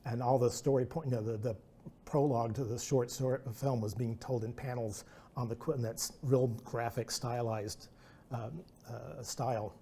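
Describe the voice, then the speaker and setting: A man's voice: medium pitch, fairly even intonation, normal speed, dark tone, slight background noise. A man giving a casual artist talk, rambling and self-deprecating, full of restarts and asides. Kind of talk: presentation talk with anecdotes.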